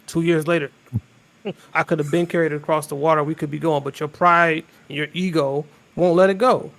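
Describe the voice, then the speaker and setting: A man guest-hosting a podcast in casual chat, talking in an emphatic, animated way. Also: on the high side, normal speed, gravelly.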